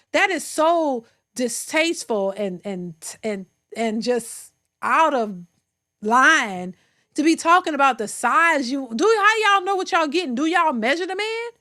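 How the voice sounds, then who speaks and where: A woman's voice: sits high, expressive, a little slow, sharp tone. A woman hosting a reaction channel, giving sassy, incredulous commentary straight to her viewers.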